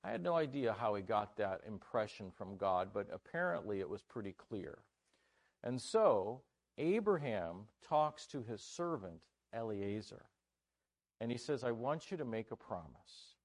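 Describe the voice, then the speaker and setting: A man preaching a conference sermon in an animated, conversational way, joking with his listeners. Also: on the low side, a little slow, no room sound. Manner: animated, conversational, jokes with the audience.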